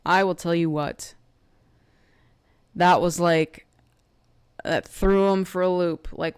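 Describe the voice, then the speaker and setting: A chatty woman doing a casual tarot love reading, full of fillers and quick asides. Her voice sits a little low and sounds smooth and clear. The sound is dry, with no room echo. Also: steady tone. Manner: chatty, filler-heavy, slips into acting out quoted thoughts. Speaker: tarot card reader.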